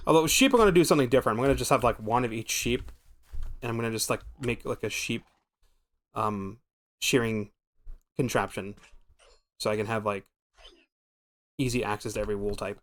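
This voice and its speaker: An American streamer in casual gameplay commentary, his voice sitting at an ordinary mid pitch. He rambles and thinks aloud as he plays, with a loose, unscripted manner and the occasional swear word. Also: a little fast, pauses often. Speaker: gaming streamer.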